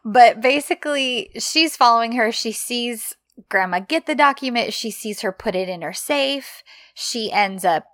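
A woman co-hosting a casual podcast, retelling plot points in a relaxed, giggly way. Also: on the high side, measured pace, no echo. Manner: giggly, relaxed storytelling with asides. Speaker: podcast co-host. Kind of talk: casual recap chat.

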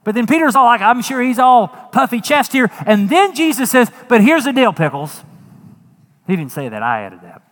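A man preaching a sermon as a pastor, folksy and animated, acting out quotes and dropping jokes. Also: very high-pitched, brisk, hardly any pauses, big-room sound.

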